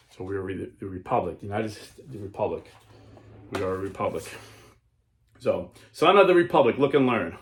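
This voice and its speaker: A man's voice: lowish voice, creaky. Man, commentary host, dramatic reading, plain explaining, roomy echo. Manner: slows and stresses lines when reading aloud, then explains plainly. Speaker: host of a Catholic commentary channel.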